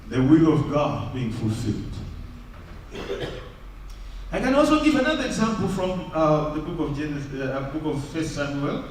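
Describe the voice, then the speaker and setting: A man preaching from a church pulpit, and his voice rings through a very echoey hall, picked up from a distance. He talks slowly and deliberately, with a fairly high voice for a man, swinging from loud raised lines to low quiet stretches. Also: a little hiss or hum. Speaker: pastor. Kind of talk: sermon.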